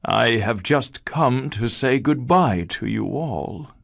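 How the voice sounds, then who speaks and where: Man playing a sad old father, fearful, pleading, husky, slow storybook read. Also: medium pitch, expressive, a bit bright, pitched above the performer's own voice, heavily acted. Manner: pleading, anxious.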